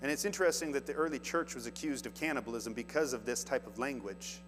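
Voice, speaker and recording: This pastor speaks fast, his medium-pitched voice a touch bright, as he reads scripture aloud in a sermon with earnest, building emphasis. Faint music and mains hum sit beneath a long hall reverb.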